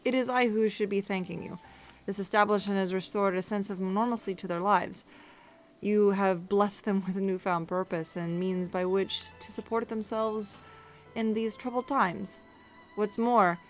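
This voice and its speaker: A woman's voice: on the high side, close to an everyday voice. A woman voicing an ancient male dragon who speaks through a construct, in a stately, formal way with a put-on foreign accent.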